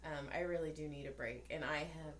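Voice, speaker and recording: A woman's voice: deep voice, fairly even intonation, brisk, a little hiss or hum. A woman in her forties, a podcast co-host, tells a story in casual chat, acting out the voices of the people in it and swearing freely. She sounds tired. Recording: echoey room.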